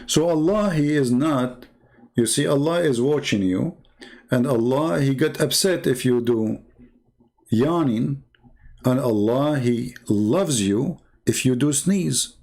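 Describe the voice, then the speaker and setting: Gravelly-voiced man mocking with rhetorical questions. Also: medium pitch, slow, darkish tone. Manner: non-native English grammar. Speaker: Christian debater. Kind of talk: argumentative debate talk.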